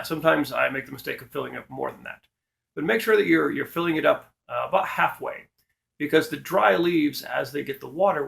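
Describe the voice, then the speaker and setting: A middle-aged man talks a viewer through a how-to in a casual, unhurried way. His voice sits at an ordinary pitch but carries a strong rough, gravelly fry, and he often pauses on fillers and restarts. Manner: relaxed, with frequent fillers and restarts. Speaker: host. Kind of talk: casual instructional talk.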